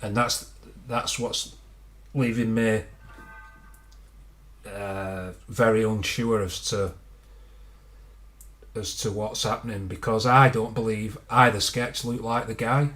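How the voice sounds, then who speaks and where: A man chats on a live stream as co-host, weighing his words and pausing often. His voice sits a little low. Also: fairly even intonation, fairly bright tone. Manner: thoughtful, hesitant. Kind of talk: casual live commentary.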